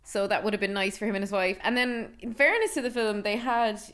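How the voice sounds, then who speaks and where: A woman's voice: medium pitch, a bit bright. An Irish woman co-hosting a podcast, chatting casually and with strong opinions about a film. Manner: talkative, opinionated, quick asides. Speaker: podcast co-host. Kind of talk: casual film review chat.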